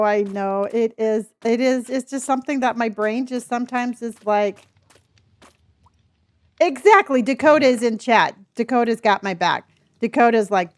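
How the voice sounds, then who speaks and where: A woman's voice: fairly high pitch, moderate pace. A middle-aged woman livestreaming a game, chatting casually and rambling as she reads her chat and laughs often. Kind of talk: casual chat while gaming.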